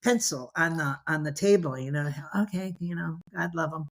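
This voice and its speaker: Chatty grandmotherly woman, slightly low voice. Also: moderate pace. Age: older. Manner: rambling, many restarts and "you know"s; acts out quoted voices. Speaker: guest. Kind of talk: casual interview storytelling.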